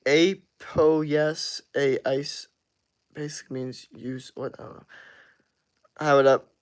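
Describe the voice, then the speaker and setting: Just out of the shower, a man in his twenties chats laid-back with his livestream viewers, reacting to comments and swearing frequently. He speaks slowly with a voice on the high side, fairly even intonation and a clean tone.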